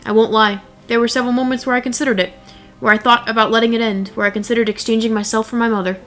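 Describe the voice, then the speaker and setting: A woman's voice: a little high, fairly even intonation, racing, few pauses, fairly bright tone, faint music behind. A young woman narrating a first-person horror story in a wry, blunt, casually profane way.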